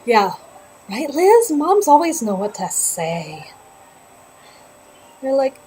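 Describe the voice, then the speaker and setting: A woman's voice: a little high, slow, long pauses, faint music behind, low-quality recording. A woman hosting a knitting livestream, chatting and laughing as she tells a personal story. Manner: chatty and animated, laughing often. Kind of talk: casual storytelling while knitting.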